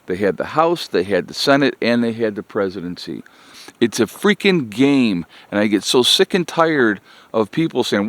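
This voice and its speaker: A man's voice: fairly low pitch, big pitch swings, normal speed, dry recording. A man giving a blunt, exasperated political rant to his viewers, repeating his points and calling them "folks". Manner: exasperated, repetitive, keeps addressing "folks". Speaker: political commentary vlogger.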